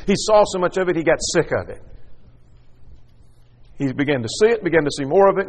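A man's voice: high voice, fairly bright tone, big-room sound. A man preaching a sermon with emphatic delivery, acting out quoted dialogue as he goes.

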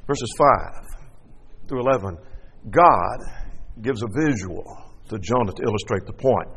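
A man preaching a sermon, reading scripture aloud and explaining it, rising into loud dramatic lines and falling to quiet asides. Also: measured pace, slightly rough, big-room sound. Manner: expressive, acts out scripture with rising pitch and drops to quiet asides.

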